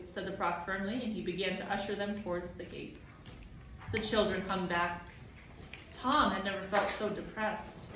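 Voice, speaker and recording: A woman teacher reading a novel aloud to her class with steady, plain narration. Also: mid-range voice, moderate pace, a little hiss or hum. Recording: echoey classroom, mic far off.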